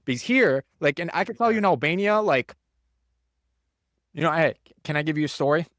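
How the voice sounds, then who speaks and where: Lively young man telling a story. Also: a little high, a little fast, no room sound, studio quality. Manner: animated storyteller, acts out quoted voices, many fillers. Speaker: podcast host. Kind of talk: casual storytelling chat.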